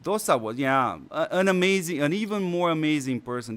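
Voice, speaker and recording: A man's voice: on the high side, big pitch swings, fairly quick, hardly any pauses, a bit bright, smooth. A male mobile strategy game streamer who is losing his voice, rambling with many fillers and restarts. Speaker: gaming channel host. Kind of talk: casual stream commentary.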